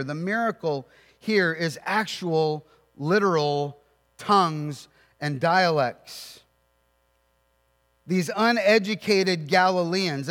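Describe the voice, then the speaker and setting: A man's voice: sits high, a bit bright. A man preaching a sermon as pastor, earnest, with storytelling asides. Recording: long reverb of a large hall.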